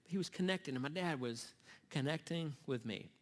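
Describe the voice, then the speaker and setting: A middle-aged man telling a personal story to parents at a church gathering, earnest and halting, often restarting his sentences. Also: a little high, expressive. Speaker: speaker at a church summer series. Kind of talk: storytelling sermon talk. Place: church hall. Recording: long reverb of a large hall.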